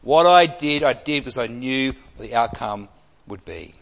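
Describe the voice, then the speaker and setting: A man preaching an expository sermon, emphatic, with wide swings between loud and soft. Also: medium pitch, lively intonation, moderate pace, vocal fry. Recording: long hall reverb.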